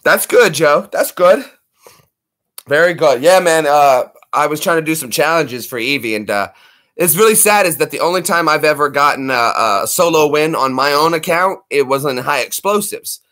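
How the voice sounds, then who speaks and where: Excitable man telling stories, fairly high voice. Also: moderate pace. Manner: rambling, excitable storytelling with sound effects. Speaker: channel host. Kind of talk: casual chat.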